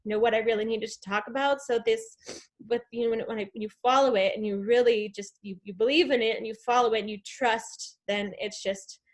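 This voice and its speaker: A woman's voice: a little high, fairly even intonation, brisk. A woman in her thirties giving an enthusiastic, rambling motivational talk over a video call, full of fillers and restarts. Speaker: guest speaker.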